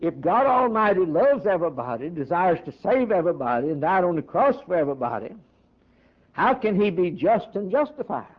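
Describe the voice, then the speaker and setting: A man preaching a fervent sermon, leaning hard on slow, stressed lines. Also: high voice, big pitch swings. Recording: dull lo-fi sermon recording.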